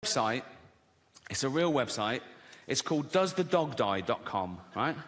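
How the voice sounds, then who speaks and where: Sardonic English stand-up man, bright tone. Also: mid-range voice, very animated, a little slow. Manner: sardonic, mocking, acts out little voices. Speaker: stand-up comedian. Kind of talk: stand-up routine. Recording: live arena reverb, faint noise.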